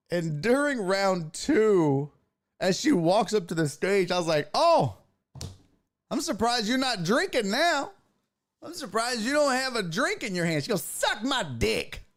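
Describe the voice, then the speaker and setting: A man hosting a podcast, telling a comedic story in a profane, animated way and acting out what he said. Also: sits high. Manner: profane, animated, acts out his own quotes. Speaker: podcast host.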